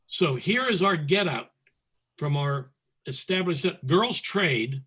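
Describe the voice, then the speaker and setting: This man has a fairly high voice for a man. He is teaching square dance calling over a video call and breaks his moves into crisp, clipped commands between steady explanations. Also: slow. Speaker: square dance caller presenting. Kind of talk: teaching talk, calling demonstration calls.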